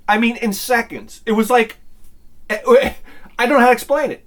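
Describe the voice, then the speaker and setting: A middle-aged man, telling a crude, animated story on his vlog, swinging between loud bursts and muttered asides. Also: very high voice, moderate pace. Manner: crude humor. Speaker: vlogger. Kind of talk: casual storytelling.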